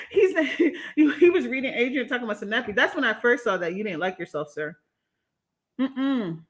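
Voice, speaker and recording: A young woman with a lilt, speaking in a high, bright and ringing voice. She runs a live-stream commentary, reacting to chat messages with sass and plenty of laughter. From Jamaica. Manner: sassy, animated, laughing between points. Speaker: YouTuber reading live chat.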